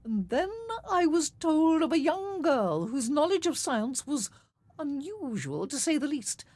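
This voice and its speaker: A woman's voice: sits high, sing-song, a little mellow, dry recording, clean studio sound, pitched above the performer's own voice. A woman doing a gloating scheming colonel. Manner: gloating, drawn-out. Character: smug scheming male army colonel.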